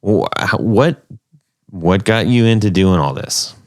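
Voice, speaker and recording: Deep-voiced man hosting, dry close sound. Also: animated, unhurried, darkish tone, no room sound. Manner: jokey, rambling, lots of fillers. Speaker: podcast host. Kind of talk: casual podcast interview.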